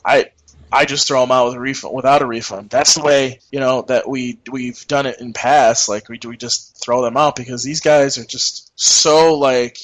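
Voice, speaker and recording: A man's voice: medium pitch, fairly even intonation, moderate pace, fairly bright tone, low-quality recording. A young man co-hosting a podcast, telling a rambling, profane work story and acting out the people in it. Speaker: podcast co-host.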